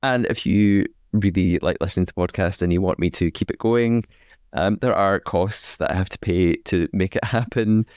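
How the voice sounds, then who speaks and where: A man's voice: low voice, moderate pace, a little mellow, smooth, no echo, clean studio sound. A man hosting a chatty podcast, with a hesitant way of talking full of ums and uhs and easy laughter. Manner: filler-heavy, hesitant, laughs often. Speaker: podcast host. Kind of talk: casual chat.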